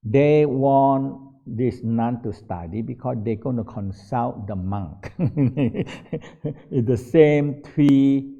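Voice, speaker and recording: A man's voice: mid-range voice, very slow, gravelly, dark tone. An older man who is not an English speaker tells stories in a casual workshop as a meditation teacher, in broken English and laughing often. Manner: non-native English, broken grammar, frequent laughs. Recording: dull lo-fi recording.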